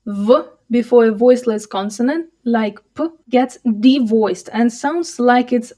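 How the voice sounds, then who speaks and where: A woman teaching pronunciation, explaining patiently and slowing down for model sentences, recorded outdoors on a city walk. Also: a little high, warm tone. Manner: clear, patient explaining, slows right down for Russian model sentences. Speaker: Russian language teacher. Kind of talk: pronunciation lesson with slow model readings.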